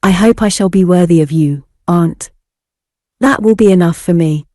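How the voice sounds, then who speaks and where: An earnest, well-mannered boy who answers his aunt with quiet respect, put on by a woman reading the story. The voice is mellow and dark, and the recording is close and dry. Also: lowish voice, normal speed, no echo, close to an everyday voice.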